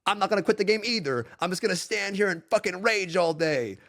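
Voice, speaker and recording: A male game streamer rants in a heated, profane, emphatic way, talking straight to his viewers. His voice sits high for a man. It is casual live-stream talk. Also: animated, fast, gravelly, fairly bright tone.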